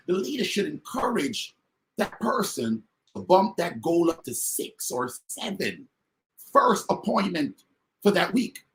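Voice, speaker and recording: A man delivers a motivational business talk in a high-pitched voice. His delivery is emphatic and repetitive and swings between loud bursts and quiet stretches. The pitch leaps around with animated energy. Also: normal speed, vocal fry. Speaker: motivational speaker and business coach. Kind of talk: fired-up motivational talk to an online audience.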